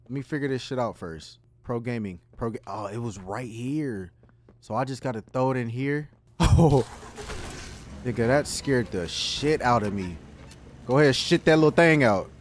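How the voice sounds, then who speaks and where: A man giving excitable, profane let's-play commentary as he plays a game, yelping and shouting when startled. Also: mid-range voice, moderate pace, a little hiss or hum. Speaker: gaming video host.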